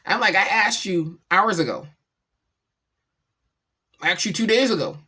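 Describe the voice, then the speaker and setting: A middle-aged woman chatting casually about her daughter, animated and slangy as she tells stories. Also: mid-range voice, a little slow, slightly rough. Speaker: vlogger, mother. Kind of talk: casual chat.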